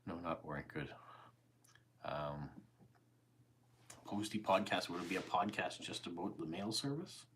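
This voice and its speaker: A calm, easygoing Canadian man in his forties with a very deep voice, chatting casually with viewers on a live stream. He sounds unhurried and relaxed, and a faint hiss sits under his voice. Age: 40s. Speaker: YouTube host. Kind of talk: casual livestream chat answering viewer comments.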